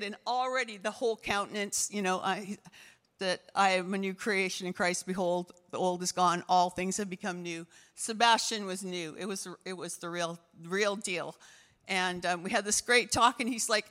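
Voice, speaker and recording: A woman's voice: medium pitch, fairly even intonation, normal speed, fairly bright tone, in a large hall. A woman pastor preaching a sermon, telling stories enthusiastically with casual fillers. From Canada. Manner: enthusiastic, storytelling, fillers like "you know".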